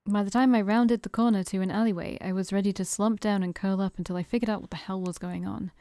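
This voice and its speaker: A woman's voice: medium pitch, steady tone, fast talker, mellow, dry recording, studio quality. A woman playing a visual novel on stream, reading its narration aloud and breaking off to joke and laugh at it. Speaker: game streamer.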